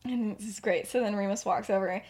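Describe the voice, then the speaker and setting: A young adult woman hosting a podcast, telling a fan-fiction story in a casual, rambling way, often giggling and filling pauses with "like" and "um". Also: medium pitch, fairly even intonation, a little mellow. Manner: giggly, rambling, filler-heavy. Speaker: podcast host.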